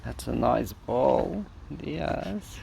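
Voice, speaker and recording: A man cooing to his dog in soft, affectionate baby talk. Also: medium pitch, animated, extremely slow, vocal fry, slight background noise. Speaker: dog owner.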